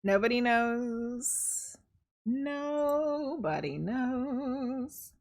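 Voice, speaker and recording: A woman psychic medium giving a live-stream tarot reading, reading chat aloud and thinking out loud with a chatty, soft-spoken manner. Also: lowish voice.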